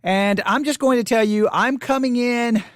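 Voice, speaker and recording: A man's voice: very high-pitched, moderate pace, a bit bright, no echo. A man hosting a live religious broadcast, talking in an agitated, emphatic and repetitive preacherly way, reading scripture aloud into a studio microphone. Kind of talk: live-streamed commentary with Bible reading.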